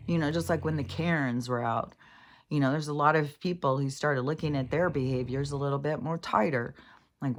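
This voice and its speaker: A woman rambling casually in a spiritual vlog, swearing freely and getting animated as she retells a scene. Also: low voice, moderate pace. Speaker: spiritual vlogger. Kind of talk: rambling monologue.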